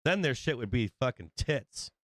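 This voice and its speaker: A man's voice: medium pitch, animated, moderate pace, fairly bright tone, no echo. A man hosting a trading livestream, rambling and swearing often as he acts out quoted exchanges. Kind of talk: casual profane chat.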